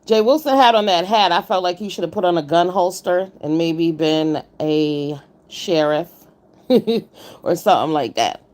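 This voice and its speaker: A woman's voice: fairly low pitch, measured pace, a little mellow. Blunt woman host on a casual livestream. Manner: blunt, greets chat viewers by name. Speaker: livestream host reviewing a contest.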